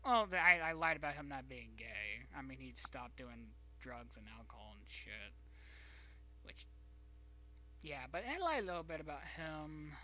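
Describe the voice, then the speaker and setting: Bright young man chatting on stream. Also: on the high side, very animated, slight background noise, poor audio. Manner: rambling, halting storytelling with many restarts. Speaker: stream host. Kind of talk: casual chat.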